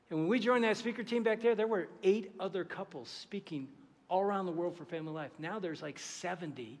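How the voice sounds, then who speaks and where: A middle-aged man preaching a sermon as pastor, telling a story with lively energy and acting out the voices of the people in it. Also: high voice, fairly quick, in a large hall. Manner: animated storytelling, acting out dialogue. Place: large church auditorium.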